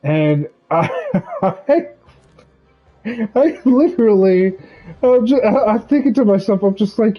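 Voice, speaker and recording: Male streamer, fairly high voice, rambling and ranting casually while gaming. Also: lively intonation, takes it slowly, pauses often, muffled recording, soft background music.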